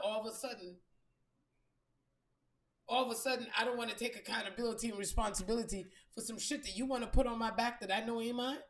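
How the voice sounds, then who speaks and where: A woman with a high voice tells her story bluntly and emphatically, cursing freely. She sounds like a podcast host talking off the cuff. The recording has a noticeably echoey room around her. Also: fast. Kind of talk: candid storytelling monologue.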